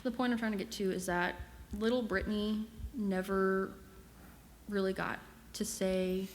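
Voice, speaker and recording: A young woman sharing an emotional personal testimony as a camp missionary, halting and long-winded with many fillers. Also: medium pitch, fairly even intonation. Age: young adult. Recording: reverberant room with faint noise.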